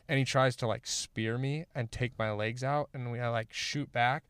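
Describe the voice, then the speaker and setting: A man's voice: mid-range voice, steady tone, fairly quick, few pauses, fairly bright tone, clear, resonant tone, dry recording, clean studio sound. A young man telling a story in casual chat, rambling and swearing, with lots of "like" fillers. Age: young adult. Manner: rambling, swearing, heavy use of "like". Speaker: guest, former college athlete.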